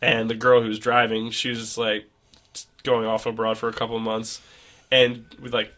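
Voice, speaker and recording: A man's voice: mid-range voice, completely flat delivery, moderate pace, a bit bright. A young man co-hosting a casual podcast, telling a rambling travel story full of fillers. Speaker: podcast co-host. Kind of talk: casual chat.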